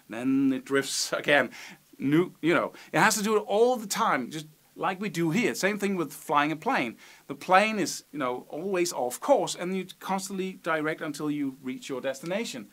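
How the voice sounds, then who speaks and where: A man's voice: on the high side, expressive, normal speed, fairly bright tone. A man teaching guitar technique, explaining patiently and checking in with "right?" as he goes. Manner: explanatory, sings rhythms as syllables, rhetorical "right?".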